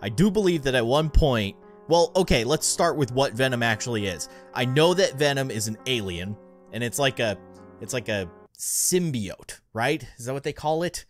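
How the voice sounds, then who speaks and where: A man's voice: medium pitch, animated, normal speed, soft background music. A young man hosting a gaming channel, rambling through let's play commentary and getting easily spooked.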